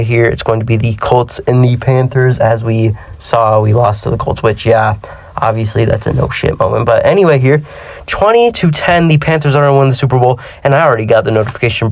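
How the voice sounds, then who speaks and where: A man's voice: mid-range voice, steady tone, brisk, vocal fry, no room sound. A young man commentating a football simulation game, chatty and self-deprecating, often tripping over his words, a little under the weather. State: slightly sick. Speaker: gaming channel host. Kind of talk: casual sports-sim commentary.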